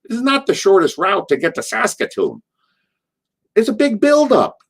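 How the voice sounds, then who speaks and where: Here the ex-wrestler's voice is high-pitched and swings widely, carrying vocal fry and a breathy edge at a normal pace. The older man rambles through an interview anecdote, performing the quoted characters in different voices.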